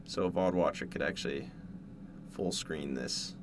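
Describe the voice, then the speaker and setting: A man from Canada, streaming casually from home while eating, jumping from loud yelps to low mumbles. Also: moderate pace, noisy background. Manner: excitable, jumps to loud yelps then mumbles. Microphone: desk mic, no headset.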